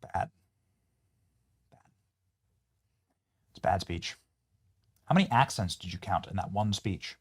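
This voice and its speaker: A man hosting a political show, reacting to clips with sarcastic, scornful commentary that jumps from loud jeers to low mutters. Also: expressive, slow, long pauses, breathy edge.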